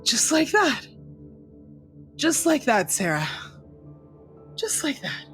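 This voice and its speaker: A woman's voice: high-pitched, wildly swooping pitch, takes it slowly, a bit bright, faint music behind, pitched above the performer's own voice, exaggerated voice. A woman voicing a grieving, unhinged woman who rambles and breaks into sobs in recorded logs. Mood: giddy. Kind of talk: tabletop role-play voicing.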